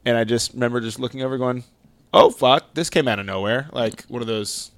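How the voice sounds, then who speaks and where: Dude cohosting a podcast, mid pitch, dry close sound, jokey and loose. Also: male voice, steady tone, fast, no echo. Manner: loose, laughing, swears freely. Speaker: podcast co-host. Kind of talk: casual podcast banter.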